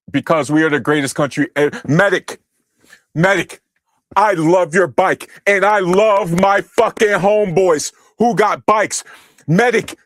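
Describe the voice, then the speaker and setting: Brief: young male streamer, high voice, angry profane rant, dry close mic. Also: no room sound. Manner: angry, profane, shouting at chat. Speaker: streamer reacting to chat. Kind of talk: heated political livestream rant.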